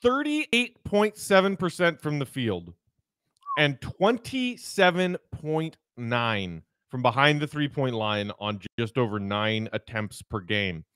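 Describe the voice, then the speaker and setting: A man's voice: mid-range voice, animated, slow, fairly bright tone, smooth, no room sound. A man hosting a casual sports podcast who reads off stats and asks his co-host questions.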